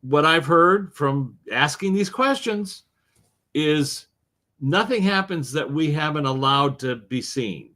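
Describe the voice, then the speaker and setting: A man being interviewed as an author, telling stories in an animated way with wide swings in his voice. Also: on the high side. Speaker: author and guest. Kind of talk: interview conversation.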